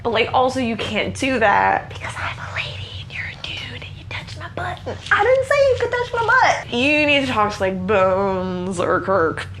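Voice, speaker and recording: A woman's voice: fairly high pitch, very animated, moderate pace, hardly any pauses, heavy background noise. A woman voicing a fed-up young female crew officer who talks in breezy slang. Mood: exasperated. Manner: exasperated, valley-girl slang.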